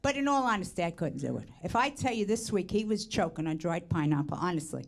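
A woman's voice: lively intonation, quick pace, creaky. A middle-aged woman from the Bronx with a New York accent, doing a brash, self-mocking stand-up comedy set. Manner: brash, self-mocking, swings pitch up for punchlines. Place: comedy stage with audience. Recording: stage recording, audience laughing.

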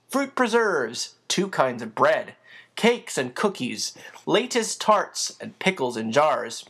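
Audiobook reader, children's novel, creaky texture, even storytelling pace. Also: mid-range voice. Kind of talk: reading a children's novel aloud.

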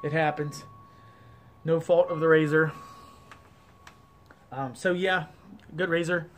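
Slightly high-voiced man with an Ohio accent, chatty, self-deprecating shaving vlogger. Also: steady tone, slow pace, a little hiss or hum. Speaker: wet shaving YouTuber. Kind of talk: casual product review. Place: porch at home.

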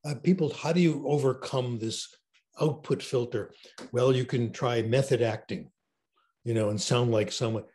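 A man's voice: medium pitch, normal speed. An older man talks with enthusiasm, telling stories in a conversational interview. His voice sits in a middle range. He sounds like he is on a video call. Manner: enthusiastic storyteller, animated. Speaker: interview guest.

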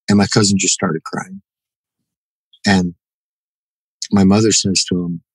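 A man being interviewed on a podcast, telling stories in a halting, reflective way. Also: on the low side, steady tone, a little mellow, dry recording, rough recording. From United States. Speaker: podcast guest, jiu-jitsu black belt. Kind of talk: casual interview, storytelling.

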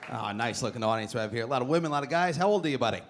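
A young man with a mid-range voice performs a brash stand-up set onstage at a comedy club, animated and rapid-fire as he teases the crowd with punchy timing. It's a live club recording, audience noise included.

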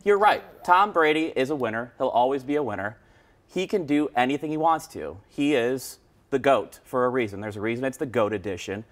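A man's voice: mid-range voice, animated, a little fast. Playful joking man on a TV set. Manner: playful, teasing, rambling anecdotes. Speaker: radio host guest. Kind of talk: joking casual chat. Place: TV news studio.

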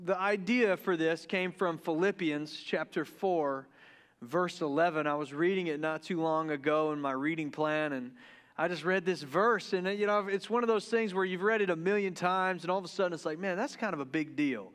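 A man from the Deep South, preaching a casual, joking sermon to his church and tripping over his words in his excitement. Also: moderate pace, clean tone. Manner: joking, excitable, stumbles and restarts. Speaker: pastor. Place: church sanctuary.

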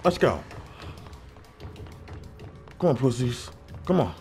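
A man's voice: mid-range voice, big pitch swings, takes it slowly, over music. A man doing casual gameplay commentary, trash-talking and slangy, swinging from hyped to frustrated. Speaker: gaming YouTuber.

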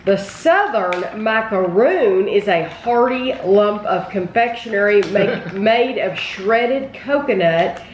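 A woman's voice: mid-range voice, lively intonation, slow, few pauses. Chatty woman tasting snacks, roomy sound. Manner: chatty, addresses viewers directly. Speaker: host. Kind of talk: casual food tasting chat. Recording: roomy with faint background noise.

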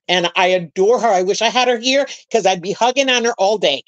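A woman dropping into a livestream, chatting in a doting, hurried way with the host. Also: medium pitch, no echo, lo-fi sound. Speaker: guest on a livestream. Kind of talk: casual chat.

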